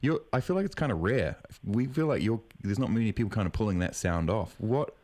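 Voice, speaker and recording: A New man hosts a live radio chat in a relaxed, slangy way, with some swearing thrown in. His voice sits a little low. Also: brisk. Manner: laid-back slangy banter, swears freely. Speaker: radio host. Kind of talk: casual live radio interview.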